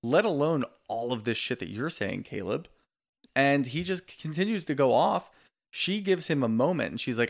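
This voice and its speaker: A man's voice: medium pitch, moderate pace, gravelly. A man co-hosting a podcast, chatting casually and retelling scenes with quoted lines. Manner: relaxed storytelling, quotes people in lively bursts. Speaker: podcast co-host. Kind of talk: casual chat recapping reality TV.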